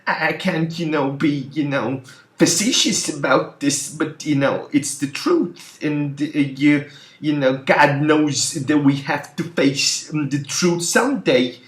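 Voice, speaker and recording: A man doing a weary, deadly serious filmmaker who halts constantly on you-knows. He speaks very slowly, and there is a roomy echo. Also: a little high, a bit bright. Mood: earnest. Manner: halting, full of you-knows. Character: earnest, weary male filmmaker, deeply serious.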